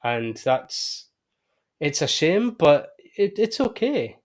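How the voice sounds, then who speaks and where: A man with a slightly high voice hosts a podcast. He talks candidly and reflectively, and he gets animated when he tells his own stories. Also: slow. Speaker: podcast host. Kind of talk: casual conversation.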